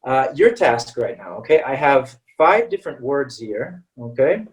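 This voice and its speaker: A male English teacher leads an online webinar on vowel sounds. He explains each point patiently and ends almost every phrase with a checking "okay?" His voice sits at a middle pitch and sounds a little distant from the microphone. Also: big pitch swings, measured pace. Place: online video-call webinar.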